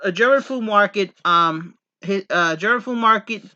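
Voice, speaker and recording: A vlogger from the Pennsylvania coal region, USA, delivers a casual, rambling, earnest monologue to camera, repeating himself with many false starts. His voice is high-pitched, bright, forceful and clean, at normal speed, though the recording is lo-fi.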